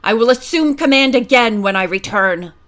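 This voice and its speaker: A woman voicing an indignant little male bus driver who shouts in outrage. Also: a little high, lively intonation, moderate pace. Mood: indignant shouting.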